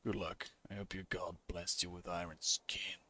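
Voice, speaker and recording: A man voicing a cold male western gunslinger in a low, quiet drawl with a put-on Southern accent. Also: level tone, normal speed, slightly rough, heavily acted. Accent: put-on American Southern.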